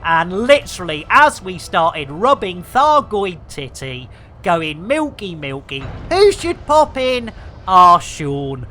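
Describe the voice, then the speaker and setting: Cheeky man with lively, bright chatter. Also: high-pitched, slow pace. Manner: bawdy, theatrical, rambling banter. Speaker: game streamer. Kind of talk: cheeky live-stream chat.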